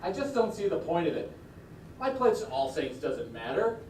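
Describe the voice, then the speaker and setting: A man's voice: on the high side, big pitch swings, moderate pace, background noise. Casual: guy doing a gloomy guy who thinks nothing matters, bouncy up-and-down voice, sounds far off in an echoey room. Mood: glum. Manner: gloomy, dismissive, easily startled. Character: glum middle-aged man doubting his church pledge. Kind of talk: amateur comic church video. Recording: roomy video played from far off.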